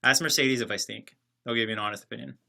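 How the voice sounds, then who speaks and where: A man's voice: medium pitch, fairly even intonation, quick pace, creaky, sharp tone. A man casually chatting on a livestream, reading viewer comments and answering them in a sarcastic, joking, rambling way. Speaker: livestream host reading chat. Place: separate building, alone.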